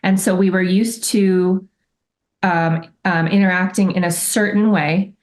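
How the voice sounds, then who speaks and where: A woman with a slightly low voice shares a personal story as a podcast guest. She sounds candid and reflective. She brings the past to life by voicing remembered remarks. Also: fairly even intonation, a little slow.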